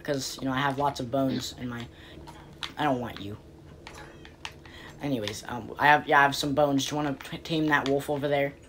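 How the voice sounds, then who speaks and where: A woman commentating casually on her game, rambling and playfully exasperated, breaking into quick pleading outbursts. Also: very deep voice, steady tone, fairly bright tone, a little hiss or hum. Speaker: game player.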